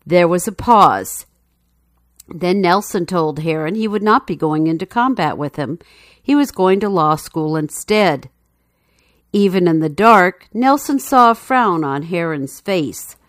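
Woman narrator, lowish voice, measured steady storytelling, dry close recording. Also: no echo. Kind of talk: scripted narration.

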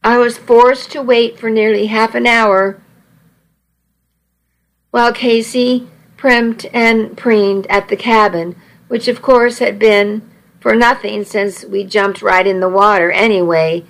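Woman reading a first-person story, slow and unhurried, bit of vocal fry, dry wry tone. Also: fairly high pitch, fairly even intonation, low-quality recording. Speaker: audiobook narrator.

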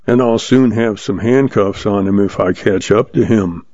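A man reading the part of a slow-witted, blustering small-town sheriff with a drawl, recorded dry and slightly muffled. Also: lowish voice, darkish tone, no room sound, close to an everyday voice. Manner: blustering, dim.

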